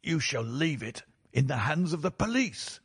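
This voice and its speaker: Outraged older father, honour-bound and shouting, husky, raised pitch , put on by a male reader. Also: very animated, moderate pace, dry recording, clean studio sound, full character voice. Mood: bitter. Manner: shouting, accusing. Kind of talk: audiobook reading.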